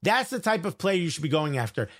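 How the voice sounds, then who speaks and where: Animated man, lively pitch. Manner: animated, joking, quick opinions. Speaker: co-host. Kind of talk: casual sports talk.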